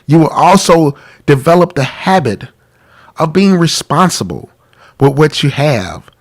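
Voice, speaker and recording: A man's voice: a little high, lively intonation, unhurried. A man hosting a live-streamed talk about money, congested from a cold, earnest and pleading, repeating himself. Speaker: podcast host.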